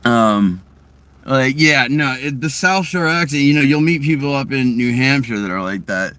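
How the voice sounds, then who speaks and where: A man's voice: mid-range voice, expressive, moderate pace, fairly bright tone, no echo. A young man with a Boston-area New England accent chats loosely with viewers from his car, rambling with lots of fillers and restarts. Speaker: streamer chatting with viewers. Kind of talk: casual live chat.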